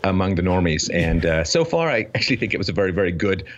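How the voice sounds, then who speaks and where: A man's voice: low voice, big pitch swings, fast talker, muffled recording. A man from Ireland raised in Canada, a guest on a talk show, telling stories and making points in a wry, articulate way. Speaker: guest commentator. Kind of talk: casual talk show conversation.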